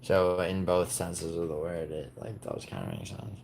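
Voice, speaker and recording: Reading comments on his livestream, a young man from the US rambles and teases viewers, leaning heavily on "like" and often restarting. His low, gravelly, slightly mellow voice holds a steady tone at normal speed, with faint hiss underneath.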